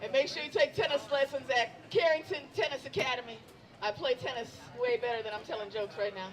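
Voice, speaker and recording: A middle-aged woman performs stand-up at an outdoor event, teasing herself and bantering with a crowd of onlookers. She speaks fairly quickly in a high voice.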